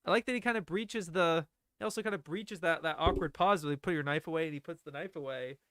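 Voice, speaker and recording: A young man streaming casual film commentary, animated and laughing, reading dialogue lines aloud. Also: on the high side, quick pace, no room sound.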